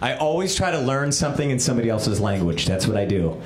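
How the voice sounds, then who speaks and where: A man doing a stand-up comedy set with a wry, deadpan delivery, recorded live in a club. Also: mid-range voice, fast talker, reverberant.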